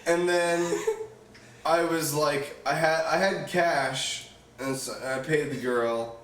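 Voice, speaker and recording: Podcast co-host, male, slightly high voice, laughs through his stories, roomy room, distant mic. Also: fairly even intonation, slow, fairly bright tone, slight background noise. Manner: laughing anecdote telling. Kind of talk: casual chat.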